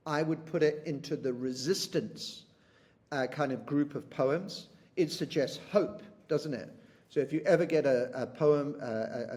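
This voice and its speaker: A man teaching a poetry lesson. He talks to his students and keeps asking "isn't it?", and he reads the quoted lines slowly. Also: medium pitch, a little mellow. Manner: rhetorical tag questions.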